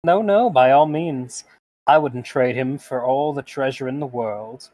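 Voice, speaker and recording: A man's voice: medium pitch, measured pace, a little mellow, no echo. A man playing a tabletop game, playful and theatrical as he describes his character. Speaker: player.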